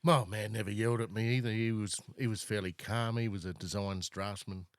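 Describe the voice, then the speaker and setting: A man's voice: on the low side, fairly even intonation, brisk, dry recording, studio quality. A man hosting a podcast in casual chat, blunt and joking, swearing freely. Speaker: podcast host.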